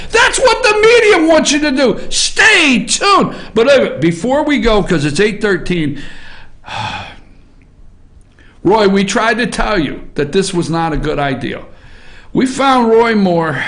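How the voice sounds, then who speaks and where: A man hosting an opinionated morning talk show, sarcastic and animated, often rising into shouts. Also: on the high side. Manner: animated, sarcastic, breaks into shouts and mock voices.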